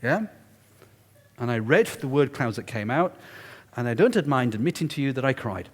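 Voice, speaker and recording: A man's voice: medium pitch, sing-song, moderate pace. A man telling a story during a public lecture, emphatic and confiding. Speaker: guest lecturer. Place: lecture hall. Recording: echoey lecture hall.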